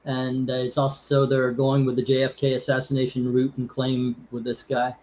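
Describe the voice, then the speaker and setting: A man's voice: medium pitch, monotone, normal speed, darkish tone, a little hiss or hum. A man co-hosting a casual live stream, emotional and rambling, sometimes flaring into anger. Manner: emotional, rambling, rising to angry outbursts. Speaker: co-host of a comics channel.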